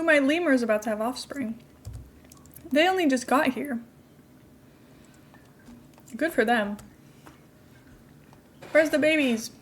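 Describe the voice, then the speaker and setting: Woman streamer, chatty and giggly, a touch high, with light background noise. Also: gravelly. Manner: chatty, giggly, talks to herself while building. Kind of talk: casual game-stream chat.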